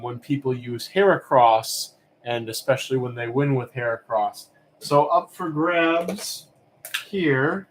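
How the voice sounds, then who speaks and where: A man's voice: mid-range voice, a little hiss or hum. Guy running a live stream auction, laid back, lots of ums and uhs. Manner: relaxed, rambling, many fillers. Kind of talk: casual live-stream chat.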